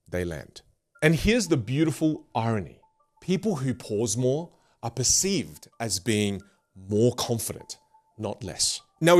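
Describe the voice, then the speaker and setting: A man coaching on clear speaking, with a lively delivery that often slows down for emphasis. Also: medium pitch. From grew up in a Vietnamese and Chinese culture. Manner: animated, demonstrates rambling and fast talk on purpose. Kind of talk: motivational speaking lesson.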